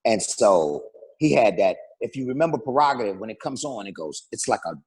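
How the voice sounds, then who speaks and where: Middle-aged male rapper, animated raconteur with a lively, swooping delivery. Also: on the low side, brisk, slightly rough. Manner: lively, acts out quotes, hums beats and sings snippets. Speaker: interview guest, rapper. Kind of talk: animated storytelling in casual interview.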